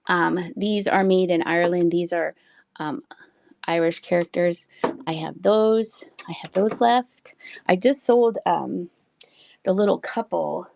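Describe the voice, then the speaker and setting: A woman's voice: on the low side, unhurried, creaky, a little mellow, a little hiss or hum. A woman hosting a casual live-selling stream from home, rambling between items and reading out viewer comments. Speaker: livestream seller. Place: home room with shelves.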